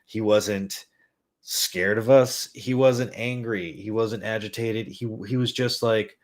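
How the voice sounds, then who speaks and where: A man's voice: lowish voice, fairly even intonation, takes it slowly. A man hosting a podcast, telling a rambling, self-mocking, profane story in a casual comedic way. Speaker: podcast host.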